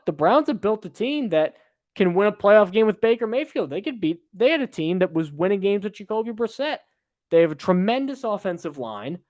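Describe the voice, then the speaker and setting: A man's voice: a little high, no echo. A young man hosting a podcast, giving opinionated, emphatic sports analysis with frequent fillers, close to the mic. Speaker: podcast host.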